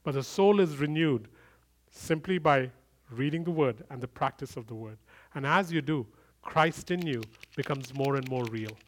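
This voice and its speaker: A middle-aged man preaching a sermon, swinging from loud emphatic bursts to quiet, intimate storytelling. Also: medium pitch, moderate pace. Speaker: pastor.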